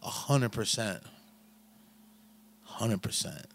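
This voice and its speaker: A man from the Bay Area with a California accent, hosting a podcast in casual chat, excitable and profane with lots of slang. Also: lowish voice, slow, no room sound. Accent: Northern California. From San Francisco Bay Area. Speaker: podcast host.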